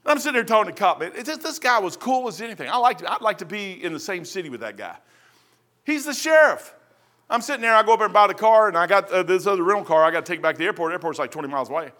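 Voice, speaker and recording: A man preaching through homespun stories, his voice high and lively as he acts out what other people said. The tone is bright and sharp, and he talks in a loose, conversational way from the pulpit. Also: fast talker. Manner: animated, acts out voices in anecdotes. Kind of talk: folksy sermon storytelling.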